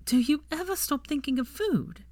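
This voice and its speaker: A woman's voice: sits high, lively intonation, darkish tone, dry recording, pitched above the performer's own voice. A woman voicing a bossy, witty young woman who teases and scolds with a dry, sarcastic edge. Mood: bright, teasing. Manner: brisk, teasing, sarcastic.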